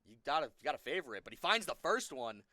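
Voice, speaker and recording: A man's voice: a little high, very animated, fast talker, bright, forceful tone, slight background noise. Analytical male darts color commentator. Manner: analytical, repeats points for emphasis.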